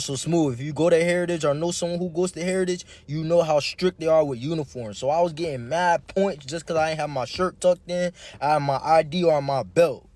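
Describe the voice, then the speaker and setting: A young man with a fairly high voice tells a story in a casual, slang-filled way. He talks straight to the listener. The sound is dry and close, with no room echo. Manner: animated, slangy, addresses the listener directly.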